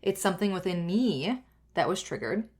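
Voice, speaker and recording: A young adult woman with a somewhat low voice hosts a solo podcast. She talks earnestly and rambles, circling back with fillers and restarts. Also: animated, moderate pace, a little mellow, breathy edge. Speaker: podcast host.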